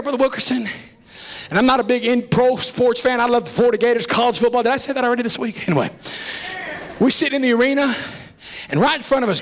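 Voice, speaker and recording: A man preaching a fiery revival sermon as a visiting preacher, shouting and repeating lines for emphasis. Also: extremely high pitch. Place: church sanctuary.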